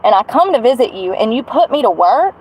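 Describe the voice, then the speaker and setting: A woman's voice: a little high, very animated, a little fast, a little mellow, slight background noise, rough recording. Angry woman ranting. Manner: angry, blunt, swearing rant. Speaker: vlogger. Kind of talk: venting livestream.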